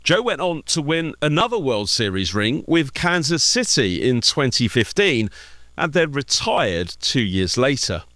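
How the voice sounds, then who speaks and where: A man hosting a radio sports program, narrating a script and interviewing a guest in a measured, polished way. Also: mid-range voice, big pitch swings, pushed and bright, dry recording. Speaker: radio host.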